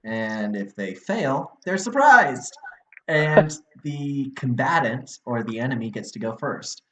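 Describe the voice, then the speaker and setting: A man's voice: medium pitch, measured pace, reverberant, heavy background noise. A man casually explaining tabletop game rules as a dungeon master, laughing often. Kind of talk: casual chat.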